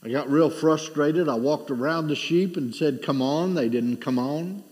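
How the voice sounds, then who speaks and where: A man's voice: fairly high pitch, measured pace, a little mellow, in a large hall. A middle-aged man preaching a sermon, asking rhetorical questions and telling a story with rising and falling intensity.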